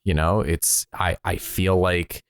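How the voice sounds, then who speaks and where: A man co-hosting a podcast in casual chat, animated and jokey. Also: low voice, takes it slowly, smooth, no room sound, clean studio sound. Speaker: podcast co-host.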